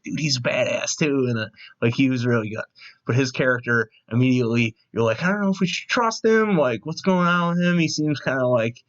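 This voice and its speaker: A man's voice: medium pitch, fairly bright tone, highs cut off. A man giving a casual, enthusiastic episode review into a desk microphone, rambling with lots of fillers and quoted asides. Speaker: movie review vlogger.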